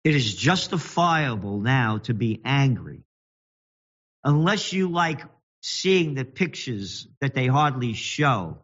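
Male host, indignant commentator, mid-pitched, mocking tone, muffled lo-fi audio. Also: fairly bright tone. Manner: indignant, mocking, swings between fast reading and slow emphatic jabs. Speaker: show host and magazine publisher. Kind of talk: angry political commentary.

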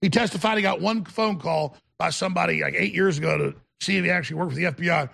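A man hosting a talk show, ranting to viewers in a combative, mocking way, breaking into shouts and stammering restarts when worked up. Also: high voice, fast talker, creaky.

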